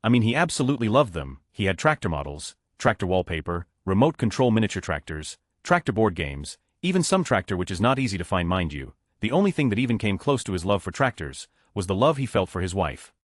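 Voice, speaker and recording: A man's voice: lowish voice, fairly quick, hardly any pauses, dry recording, studio quality. A man narrating a string of reader-submitted jokes in a scripted, announced-by-number way. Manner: animated, reads numbered stories one after another.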